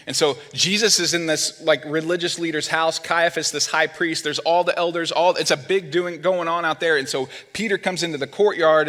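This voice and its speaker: A man preaching a sermon in a church, his voice sitting a little high for a man. He tells the story with life, putting on the voices of the people in it, then drops low and quiet when the point turns serious. A long hall reverb trails after his words. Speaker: pastor. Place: church sanctuary.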